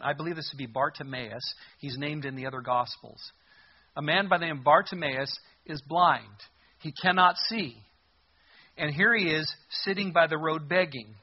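A man delivers a sermon with fervent conviction, his voice husky and pitched a little high. He swells into loud, emphatic bursts when a point matters and acts out the voices in the story he is telling. The recording is dull and lo-fi. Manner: passionate preaching, rising to loud emphatic outbursts. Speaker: pastor.

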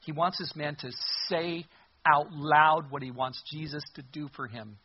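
Husky-voiced man preaching a passionate sermon. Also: a little high, a little slow, muffled recording. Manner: passionate preaching, rising to loud emphatic outbursts. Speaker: pastor.

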